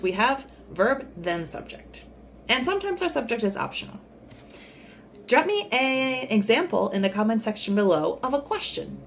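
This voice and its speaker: A woman's voice: medium pitch, a little hiss or hum. A woman giving a casual video lesson, explaining step by step with examples in a friendly way. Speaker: Spanish teacher. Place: recording in a city in Central America.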